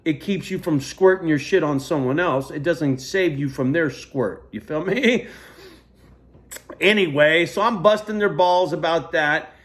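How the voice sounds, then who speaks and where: Guy ranting into his phone, cussing nonstop, kinda high voice, all over the place. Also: measured pace. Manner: heavily profane, animated rant. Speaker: vlogger. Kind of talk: rambling casual storytelling. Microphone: phone camera.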